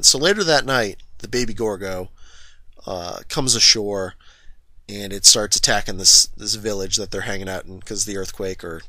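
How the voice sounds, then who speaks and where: Lower-voiced man rambling through a plot recap. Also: pushed and bright, dry recording. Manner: rambling, filler-heavy, self-correcting. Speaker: film reviewer. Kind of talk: casual movie plot recap.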